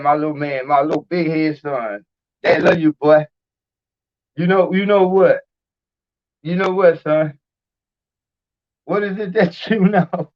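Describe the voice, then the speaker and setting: A man hosting his own video, talking in a rambling, heartfelt, informal way. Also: fairly high pitch. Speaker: video host. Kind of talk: casual live-stream talk. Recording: dull lo-fi recording.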